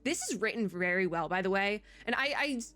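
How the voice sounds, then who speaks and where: A woman's voice: mid-range voice, animated, brisk, pushed and bright. Tired, chatty woman gamer. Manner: chatty, rambling, self-deprecating. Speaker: gaming content creator. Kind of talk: casual reaction commentary.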